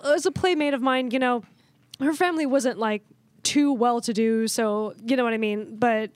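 A young adult woman in casual chat, telling a childhood story with lively laughter and acted-out quotes. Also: a little high, normal speed, no echo. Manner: animated storyteller, acts out her younger self with laughs.

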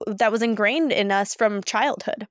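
A woman co-hosting a podcast, telling stories in an energetic, passionate way. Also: mid-range voice, a little slow, clear, resonant tone, no room sound, clean studio sound. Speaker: podcast co-host. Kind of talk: casual chat.

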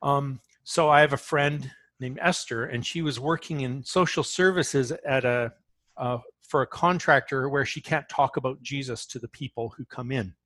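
A man's voice: medium pitch, normal speed, a bit bright, no room sound. Earnest male author, dry close sound. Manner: earnest, often restarts phrases. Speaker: author being interviewed. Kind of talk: earnest conversational storytelling.

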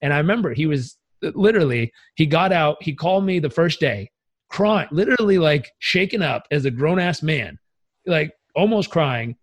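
A man coaching as a podcast guest, telling stories in an energetic, emphatic and casually profane way. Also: on the high side, moderate pace. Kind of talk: podcast interview storytelling.

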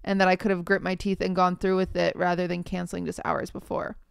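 Young woman reading posts, clear and smooth. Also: on the low side, little pitch movement, no echo, clean studio sound. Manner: reads posts aloud in a measured, wry tone. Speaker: podcast host. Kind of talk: casual chat, reading posts aloud.

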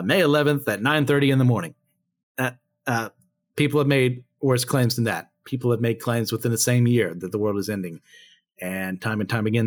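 Man reading scripture and chatting about it. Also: mid-range voice. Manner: conversational, with frequent fillers and asides. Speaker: Bible study host. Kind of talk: scripture reading and casual commentary.

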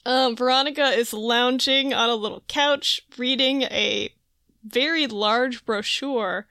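A woman with a bright, fairly high voice chats casually as a podcast co-host. She giggles often and slips into quick voices for comic characters. The sound is dry and close. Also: clean tone, no echo. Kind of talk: casual chat, recapping a comic.

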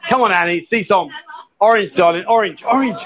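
A man's voice: sits high, a little fast, dull audio, crowd noise. A man hosting a casual live stream from a bar, cheerfully coaching women at a pool table and calling them sweetheart and darling. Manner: cheery, coaxing, says "sweetheart" and "darling" a lot. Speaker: host.

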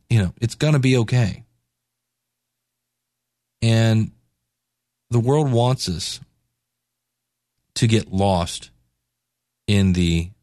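A man's voice: fairly low pitch, a little mellow, no room sound, clean studio sound. A man hosting a podcast, giving a casual devotional talk in a laid-back, conversational way with slangy asides. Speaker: podcast host.

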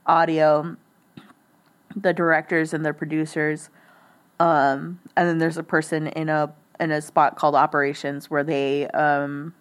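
A woman's voice: low-pitched, little pitch movement, measured pace. A young woman chatting casually as a guest, rambling and laughing at her own jokes. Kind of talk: casual chat.

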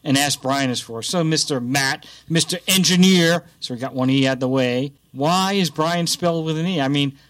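A man with an Alabama accent hosts a radio talk show. His voice sits slightly high, and he talks in a jokey, playful way. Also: normal speed, few pauses, a bit bright. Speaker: radio host.

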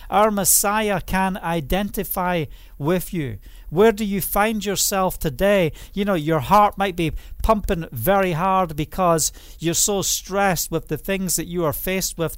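A man preaching a sermon in an earnest way, building up to loud declarations. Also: sits high, no room sound, studio quality.

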